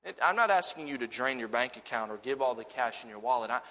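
A man preaching a sermon, telling a personal story with lively restarts and fillers before moving into a scripture reading. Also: medium pitch, fast, long reverb tail. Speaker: pastor.

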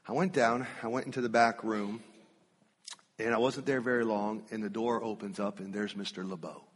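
A man preaching a sermon, telling a personal story with emphatic, drawn-out phrasing. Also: lowish voice, steady tone, big-room sound.

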